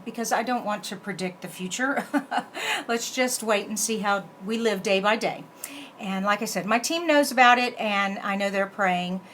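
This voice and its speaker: A woman with a mid-range, fairly bright voice hosts a card-making channel and chats casually on a live stream. While working the computer she talks to herself, and the recording has an echoey room sound with faint background noise.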